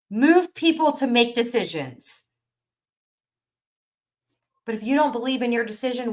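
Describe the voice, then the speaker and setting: An energetic woman coach speaking live to her audience with a somewhat high voice. She talks emphatically, building rhythm by repeating her phrases, pushing her listeners to think differently. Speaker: business coach hosting a live workshop. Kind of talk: motivational live stream.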